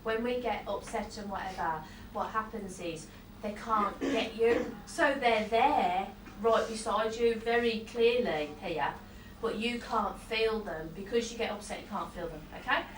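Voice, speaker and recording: Her voice is medium-pitched and a little slow, yet she barely pauses as she gives a chatty psychic reading to a live audience. She laughs often and drifts into apologetic asides. Faint noise and a distant mic mark the roomy hall recording.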